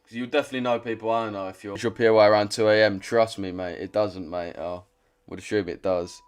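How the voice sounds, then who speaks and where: A man's voice: fairly low pitch, fairly even intonation, quick pace, smooth, faint music behind. Blunt young London man on stream. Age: 20s. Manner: blunt, slangy, swears freely, reads chat aloud. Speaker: trading streamer. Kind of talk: casual livestream chat.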